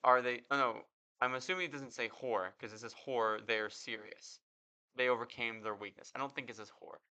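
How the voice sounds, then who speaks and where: A man's voice: medium pitch, steady tone, normal speed, pushed and bright. A man hosting a podcast, reading out translated comic panels and then giving his casual reaction to them. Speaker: podcast host. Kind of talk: casual manga reaction commentary.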